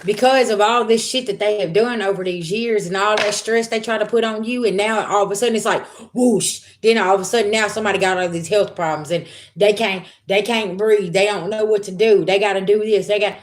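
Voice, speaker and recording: A woman's voice: medium pitch, a little fast, a little hiss or hum. Blunt, cursing woman spiritual reader. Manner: blunt, profane, animated street talk. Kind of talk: casual spiritual reading monologue.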